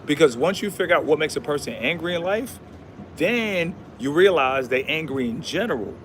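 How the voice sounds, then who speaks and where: A man's voice: on the high side, lively intonation, normal speed, a bit bright, slight background noise. A man hosting a casual livestream, talking in a preachy, repetitive way with slangy speech and Bible verses. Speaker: livestream host.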